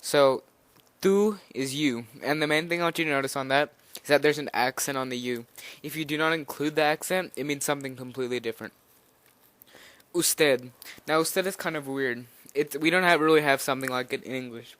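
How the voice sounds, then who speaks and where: A man's voice: a little high, fairly quick, a bit bright, dry recording. A nervous young man giving an informal spoken language lesson, rambling a little with fillers and restarts as he explains. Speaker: language teacher.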